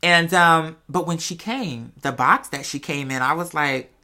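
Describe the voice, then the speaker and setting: A man's voice: on the high side, a little slow. A young man hosting a podcast, chatting expressively to listeners in a casual storytelling style. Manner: expressive and chatty, addresses listeners as y'all and girl. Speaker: podcast host.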